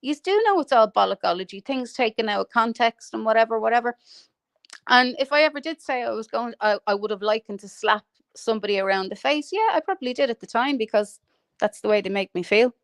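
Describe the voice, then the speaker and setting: A woman's voice: on the high side, lively intonation, fairly quick, no echo, clean studio sound. A woman hosting a livestream, ranting in a foul-mouthed, mocking way and laughing at her own insults. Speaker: livestream host.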